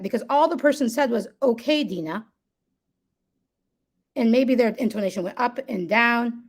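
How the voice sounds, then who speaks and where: A woman speaking as a guest in a live conversation, explaining reflectively and often checking in with "right?". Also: a little high. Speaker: guest, listening workshop co-founder.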